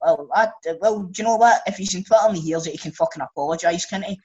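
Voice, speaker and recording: A Scottish man telling sweary, animated stories in a casual podcast chat. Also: sits high, fast, muffled recording, very noisy.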